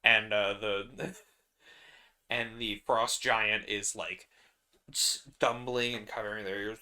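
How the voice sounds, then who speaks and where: A man's voice: on the low side, fairly even intonation, slow pace, long pauses, bright, forceful tone. A man narrating his solo tabletop game in a rambling, casual way, laughing often.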